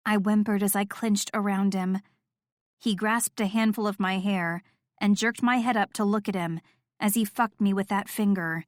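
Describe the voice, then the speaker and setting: A woman with a mid-range voice reads first-person audiobook narration. Her delivery is steady and intimate. The sound is dry and close to the mic. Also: mid-range voice, moderate pace, no echo.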